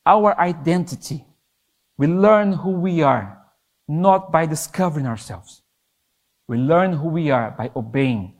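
Impassioned high-voiced male youth preacher. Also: expressive, measured pace. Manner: impassioned, rises and falls in pitch for emphasis. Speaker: youth pastor. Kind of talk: sermon.

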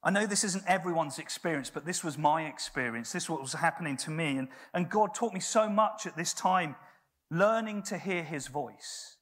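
A man's voice: a little high, expressive, normal speed, fairly bright tone. A man preaching a sermon in a church, telling stories in a conversational way with frequent restarts.

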